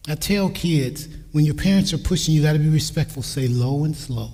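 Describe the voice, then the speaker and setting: In a reverberant church hall, a man in his sixties delivers a parenting sermon built on family stories, speaking his family members' lines himself. His voice is a little high and dark in tone, moving at a moderate pace with hardly any pauses.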